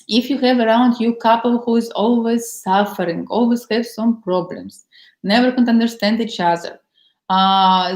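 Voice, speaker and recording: A woman's voice: medium pitch, darkish tone. Earnest woman coaching in broken English. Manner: non-native English with simple grammar, anecdotal and earnest. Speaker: relationship coach. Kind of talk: coaching session with guided exercise. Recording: roomy echo.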